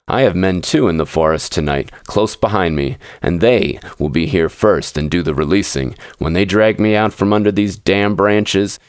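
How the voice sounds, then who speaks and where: Guy doing a deep snarly growl for a grim, mocking nobleman stuck under a tree, dry close sound. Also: no room sound, close to an everyday voice. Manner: mocking and savage, then grim and weary. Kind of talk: dramatic short story reading.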